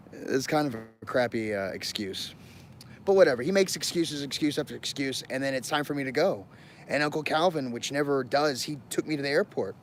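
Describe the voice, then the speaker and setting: A man chats casually on a phone livestream, his voice at an ordinary middle pitch. He rambles with lots of "uh"s and keeps apologizing to viewers, and a faint hiss of ambient noise sits under him outdoors. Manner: rambling, many fillers, apologizes to viewers for connection drops.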